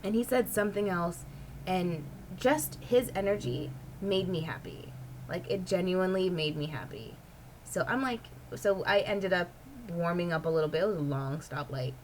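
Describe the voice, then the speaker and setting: A woman talking casually to her camera as a vlogger, with a somewhat low voice. She rambles from thought to thought and leans on "like" constantly. Faint noise sits behind her. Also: lively intonation, moderate pace, poor audio. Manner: rambling, heavy use of "like". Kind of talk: casual personal chat to camera.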